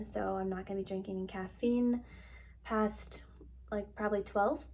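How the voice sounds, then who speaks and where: Soft-spoken young woman vlogging. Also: mid-range voice. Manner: soft, relaxed and heartfelt. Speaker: lifestyle vlogger. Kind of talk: casual vlog talk to camera.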